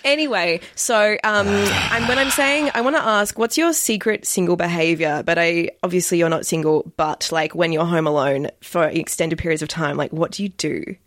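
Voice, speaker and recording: A woman's voice: lowish voice, moderate pace, hardly any pauses, a bit bright. A woman hosting a podcast in casual chat, playful and teasing, swearing now and then. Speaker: podcast host. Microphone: studio microphone.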